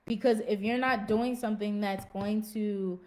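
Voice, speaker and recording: With a mid-range, slightly mellow voice, fairly even intonation and moderate pace, a podcast host and fitness coach gives a live audience casual motivational talk. She speaks emphatically, leaning on repeated key phrases and folksy slang.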